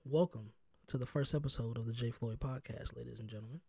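Joking, profane Southern podcast host. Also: male voice, medium pitch, fairly even intonation, fast, vocal fry, mellow, husky, no room sound, studio quality. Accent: Southern US (North Carolina). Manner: loose, profane, joking street slang. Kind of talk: casual chat. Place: home.

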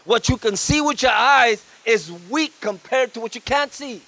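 At a moderate pace and in a very high-pitched voice, a man preaches as a guest pastor at a church service. His fervent sermon is dotted with lively story asides and calls for amens.

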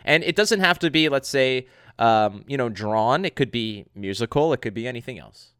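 Guy hosting a podcast, bouncy animated voice, chatty and hyped. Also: medium pitch, normal speed, smooth, dry recording, studio quality. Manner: upbeat, enthusiastic, keeps saying "friends". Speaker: podcast host. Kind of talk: casual podcast chat with ad read.

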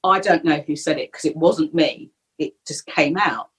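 A woman's voice: sits low, normal speed, slightly rough, poor audio. A middle-aged woman, a podcast guest, candidly and reflectively recounting a personal story. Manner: candid, reflective, animated when retelling.

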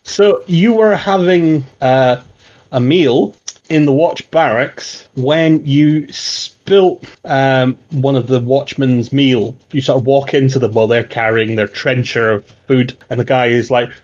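Male game master, mid pitch, halting and filler-heavy narration, muffled lo-fi audio. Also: a little mellow. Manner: halting, lots of fillers and restarts, chuckling. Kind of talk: narrating a tabletop role-playing game.

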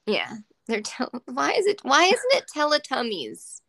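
A woman co-hosts a podcast, chatting casually and animatedly with plenty of giggles, fillers and swearing. Her high voice swings hugely in pitch and is creaky and sharp-toned, a little slow, with no echo.

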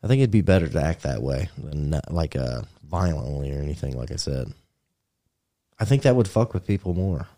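A man's voice: rumbling low, very animated, fairly quick, dark tone. A man in casual chat, joking crudely, laughing often and acting out what he would say in made-up situations.

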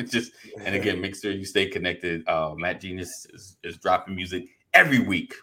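A man's voice: low-pitched, moderate pace, bright, forceful tone. A man hosting a casual podcast, joking and laughing with his guests before reading out the sign-off plugs. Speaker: podcast host.

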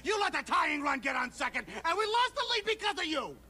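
A gruff shouting baseball manager. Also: male voice, extremely high pitch, big pitch swings, a little fast, full character voice. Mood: berating. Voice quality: gruff, berating. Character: gruff hard-nosed male baseball manager. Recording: film clip with outdoor background noise.

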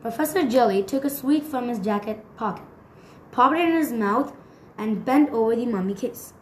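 A woman's voice: a little high, animated, normal speed, a little mellow, slight background noise. A woman narrating a children's storybook, reading steadily with small stumbles over hard words. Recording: echoey room.

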